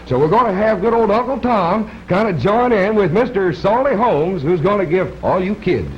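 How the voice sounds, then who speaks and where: A man's voice: sits high, expressive, normal speed, a little hiss or hum. A man hosting an old-time variety show in a cheery, folksy way, talking to the kids watching. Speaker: TV show host. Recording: dull lo-fi old TV audio.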